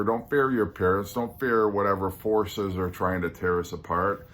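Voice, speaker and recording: A man with a deep, low voice hosts a casual solo podcast. He talks things through slowly and earnestly, trailing off into ums and restarting his sentences as he goes. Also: fairly even intonation, a bit bright. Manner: musing, hesitant, earnest, many ums and restarts. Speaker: podcast host.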